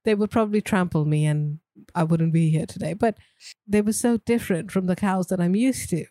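Woman co-host, mellow tone, easygoing and chatty, dry sound. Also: fairly low pitch, fairly quick, no echo. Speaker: podcast co-host. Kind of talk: casual movie discussion.

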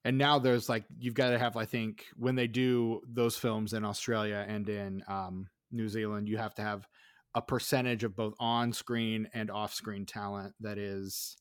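A man's voice: fairly low pitch, level tone, unhurried, smooth, no room sound, studio quality. A man in a casual podcast chat who explains at length, rambling with many fillers and restarts. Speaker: podcast co-host.

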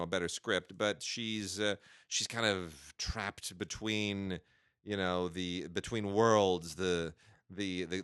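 A man's voice: deep voice, fairly bright tone, clean tone, dry recording. A man co-hosting a podcast, casually reviewing films with wry, dry asides. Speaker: podcast co-host, film reviewer.

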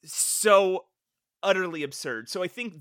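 A man co-hosting a podcast in casual chat, animated and laughing often as he acts out his reactions. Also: high voice, unhurried, no echo, studio quality. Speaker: podcast co-host.

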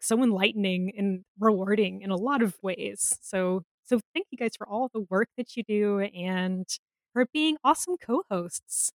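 A woman's voice: medium pitch, dry recording. A woman co-hosting a podcast in casual chat, laughing often and playful. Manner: giggly, warm-hearted, playful. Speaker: podcast co-host.

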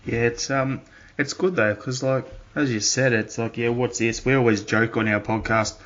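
A man's voice: mid-range voice, steady tone, normal speed, a bit bright. A man hosting a podcast, joking in a laid-back, sweary casual chat. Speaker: podcast host. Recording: dull lo-fi audio.

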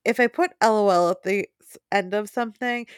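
A woman's voice: mid-range voice, smooth, dry recording, clean studio sound. A woman co-hosting a casual chat podcast, laughing often as she talks. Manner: laughs often, unhurried and giggly. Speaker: podcast co-host.

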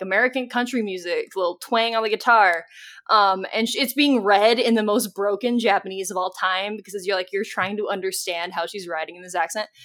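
A woman's voice: mid-range voice, fairly bright tone. A young woman co-hosting a podcast, rambling enthusiastically and swearing casually. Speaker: podcast co-host.

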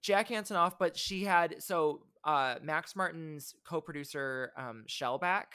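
A man co-hosts a relaxed pop culture podcast, rambling and restarting often as he offers passionate fan opinions. His voice is a little high, clean and sharp in tone, and unhurried.

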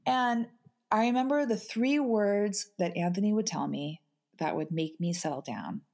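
A middle-aged woman speaking as a podcast guest, halting and repeating her words as she talks through grief. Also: medium pitch, lively intonation, darkish tone. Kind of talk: emotional podcast conversation.

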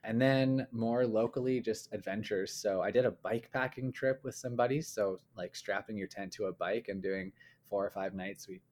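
A man's voice: lowish voice, normal speed. A young man from Canada, a guest chatting casually and telling stories with easy fillers. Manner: relaxed, chatty storytelling with frequent fillers. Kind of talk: casual conversational interview.

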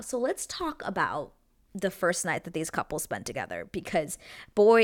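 Young woman dishing on a dating show, chatty and gossipy, voice bouncing all over, sits a bit low. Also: a bit bright. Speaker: reality TV recap vlogger. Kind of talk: casual chat recap.

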